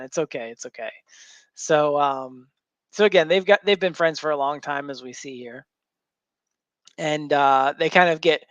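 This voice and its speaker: A man's voice: fairly high pitch, fairly bright tone, smooth, no echo, dull audio. A man hosting a comic book show, casually retelling a story with lots of fillers and restarts. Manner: rambling, filler-heavy retelling.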